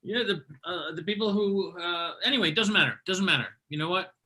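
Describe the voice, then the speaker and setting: A man's voice: high-pitched, a little fast, very noisy. A man hosting a virtual comedy show, with loose, offhand banter between acts. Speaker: show host. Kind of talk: casual emceeing. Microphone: computer mic on a video call.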